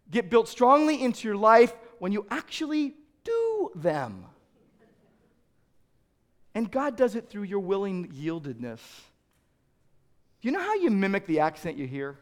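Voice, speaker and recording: Middle-aged male pastor, high voice, dynamic sermon delivery with loud and soft swings. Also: wildly swooping pitch, a little slow, long pauses. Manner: dynamic preaching, swings from loud emphasis to quiet.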